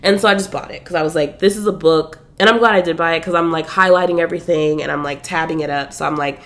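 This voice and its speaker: A woman with a slightly low-pitched voice talks through her reading list as a podcast host. Her delivery is loose and animated, peppered with slang and fillers. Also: fast. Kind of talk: casual chat about books.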